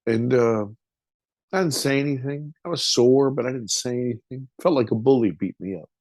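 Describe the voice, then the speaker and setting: A man's voice: medium pitch, brisk, darkish tone, no room sound. Man in his fifties telling a vivid story. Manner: vivid, emotional retelling with casual swearing. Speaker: podcast guest. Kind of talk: casual storytelling.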